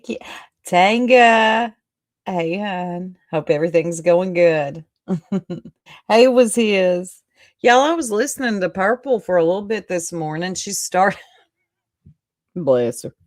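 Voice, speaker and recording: A woman's voice: mid-range voice, dry recording, clean studio sound. A woman hosting a livestream, chatting casually with her viewers, greeting them by name and laughing often. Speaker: livestream host. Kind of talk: casual chat with live viewers.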